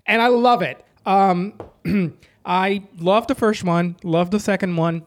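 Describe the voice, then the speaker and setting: High-pitched guy co-hosting a film chat, super enthusiastic, lots of uhs. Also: slow pace. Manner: enthusiastic, hesitant, many uhs. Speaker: podcast co-host. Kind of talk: casual movie review chat.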